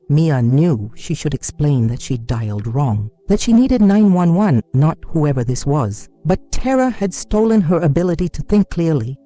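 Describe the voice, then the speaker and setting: Mellow dramatic story narrator. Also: medium pitch.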